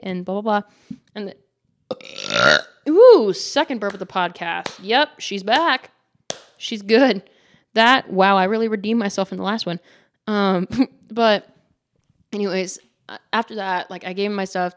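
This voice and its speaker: A woman's voice: mid-range voice, a little slow, dry recording. Giggly, chatty woman podcast host. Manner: chatty, giggly, full of "like" fillers; dramatizes with lively quoted voices. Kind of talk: casual storytelling.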